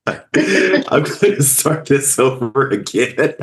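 A man's voice: medium pitch, lively intonation, drawn-out words, a bit bright. A man hosting a podcast in casual chat, laid-back, chuckling and poking fun at himself. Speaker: podcast host.

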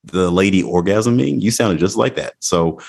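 Deep-voiced joking man chatting. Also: normal speed, vocal fry, a little mellow. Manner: joking, crude, laid-back. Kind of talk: casual chat.

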